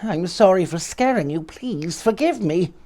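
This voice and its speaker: Shy squeaky little man, put on by a male reader; stammers, high and wobbly. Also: animated, measured pace, warm tone. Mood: timid.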